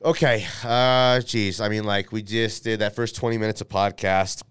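A man hosts a casual sports podcast, rambling and correcting himself with plenty of fillers. His voice sits fairly low and comes through very smooth and clean. The sound is dry and close, with no room around it. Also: level tone, normal speed, fairly bright tone, no echo. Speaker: podcast host. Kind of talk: casual podcast talk with ad read.

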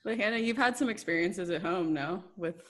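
A woman co-hosting a podcast, talking frankly in relaxed casual chat. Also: on the low side, a little fast. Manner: relaxed, frank, filler-heavy. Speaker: podcast co-host.

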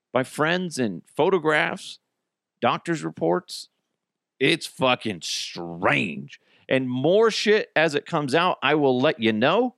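A man hosts his own podcast, ranting solo in a casual, crude way, full of jokes and silly put-on voices as he tells animated stories. His pitch is fairly high, and the recording is dry and studio quality.

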